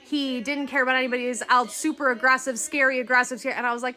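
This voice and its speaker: A woman telling a dating story in casual storytime style, animated and indignant. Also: high voice, very fast, few pauses.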